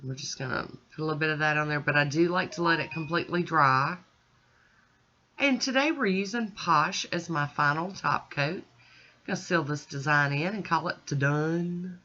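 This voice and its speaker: A woman narrates her nail art video in a chatty voice-over, talking through every step as she goes. Her voice is bright and forceful, and the recording sounds dull and lo-fi. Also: deep voice, normal speed. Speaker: nail art channel host. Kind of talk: casual voice-over nail tutorial.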